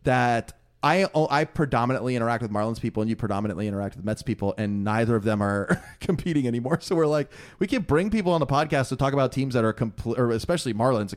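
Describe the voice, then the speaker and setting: A man co-hosting a podcast in casual chat, rambling and laughing often. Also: medium pitch. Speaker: podcast co-host.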